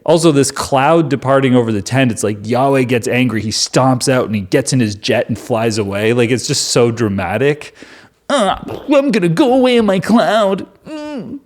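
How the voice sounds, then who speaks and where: A man's voice: medium pitch, darkish tone. A man reading scripture aloud and breaking off into joking, sarcastic commentary. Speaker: Bible reader and commentator. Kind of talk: casual Bible reading with commentary.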